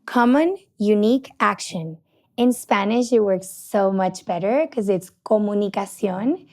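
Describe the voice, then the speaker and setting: A middle-aged woman, a couples therapist hosting a podcast, talking passionately and loudly with many restarts. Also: mid-range voice, unhurried. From Puerto Rico. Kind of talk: casual podcast teaching.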